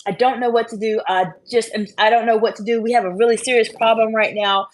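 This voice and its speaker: A woman acting out a panicked, stressed-out worker who complains frantically about a crisis, pitched higher and louder than her usual voice. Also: fairly even intonation, fast, lightly acted.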